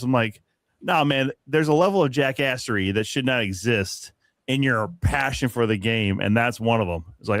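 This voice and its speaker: A man's voice: medium pitch, brisk, fairly bright tone, no room sound, studio quality. A man co-hosting a podcast, ranting profanely in casual sports chat and laughing often. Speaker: podcast co-host.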